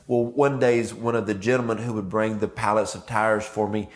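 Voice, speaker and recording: A man's voice: on the low side, fairly even intonation, moderate pace. Male minister, easygoing devotional talk that slips into quoted voices. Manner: conversational, acts out quotes. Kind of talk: devotional video message.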